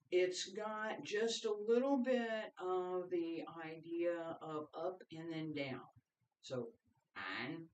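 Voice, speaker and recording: A qigong instructor leading a guided movement class, giving calm, step-by-step breathing cues. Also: mid-range voice. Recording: roomy echo, voice picked up from a distance.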